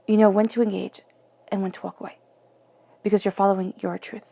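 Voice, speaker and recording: An earnest woman gives a spoken tarot reading in a warm, gravelly voice. She keeps her delivery intimate and often sinks into a soft near-whisper. Her voice sits in an ordinary middle pitch for a woman. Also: little pitch movement, fairly quick. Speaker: tarot reader.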